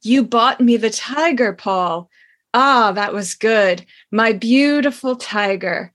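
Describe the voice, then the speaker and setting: A woman reading aloud as a seductive, languid aristocratic lady who speaks slowly and teasingly. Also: fairly high pitch, a bit bright. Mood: purring, teasing. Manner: slow, purring and teasing. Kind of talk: dramatic reading of a novel.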